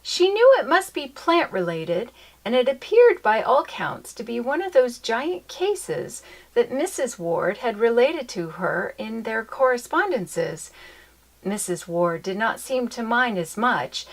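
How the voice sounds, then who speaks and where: A woman reading a children's chapter book aloud in an expressive, lilting storytelling manner. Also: on the high side, unhurried.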